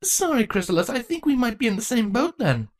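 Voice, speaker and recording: A woman's voice: a little high, very animated, fairly quick, voice pushed up. A woman voicing a laid-back, teasing young female changeling in a storybook reading. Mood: casual. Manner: casual, dry, teasing.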